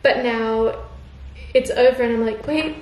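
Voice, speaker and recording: A young woman talking to camera in a soft, heartfelt, casual way, full of "like" fillers. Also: a little high, fairly even intonation, normal speed. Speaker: vlogger. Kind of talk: casual reflective chat to camera. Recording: roomy with faint background hiss.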